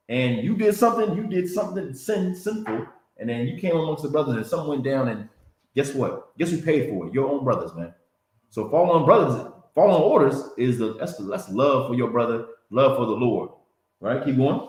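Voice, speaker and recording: A man's voice: mid-range voice, animated, brisk, darkish tone. A man teaching a Bible class in a preaching style, repeating himself and checking in with "you understand?" and "man.". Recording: roomy echo.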